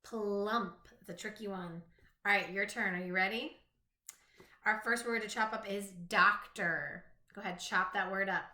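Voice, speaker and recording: A woman teaching a phonics lesson to young children, slowly sounding out rhymes, letters and words. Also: mid-range voice, steady tone, sharp tone. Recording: echoey room.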